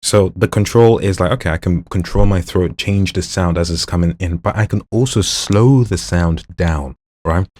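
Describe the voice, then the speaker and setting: A man's voice: low voice, normal speed, few pauses, darkish tone, no room sound. A young man, a voice actor, casually explaining and demonstrating vocal techniques in a playful way. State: throat strained. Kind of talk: casual voice-acting demo vlog.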